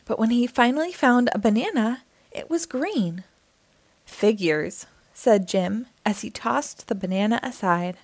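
A woman's voice: fairly high pitch, normal speed, no room sound. A woman reading a children's picture book aloud, giving the characters their own voices. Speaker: storyteller.

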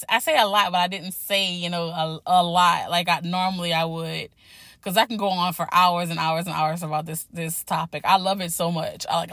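A woman's voice: on the high side, pushed and bright, no echo. A young woman hosting her own podcast, talking candidly and casually, swearing freely and restarting her sentences, a little out of breath after a workout. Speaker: podcast host. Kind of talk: casual solo podcast talk.

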